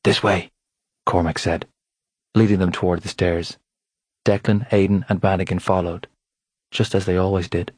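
A male narrator reads a novel in a measured, steady way, his voice very low with a husky grain. The sound is dry and close, with no room around it, as in a studio booth. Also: dry recording. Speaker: audiobook narrator. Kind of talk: scripted narration.

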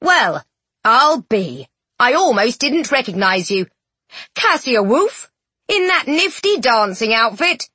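A woman's voice: fairly high pitch, sing-song, slow pace, bright, forceful tone, slightly rough, no room sound, exaggerated voice. A woman voicing a cheerful, easygoing young male stage actor who talks in a friendly, joking, folksy way in a storybook reading.

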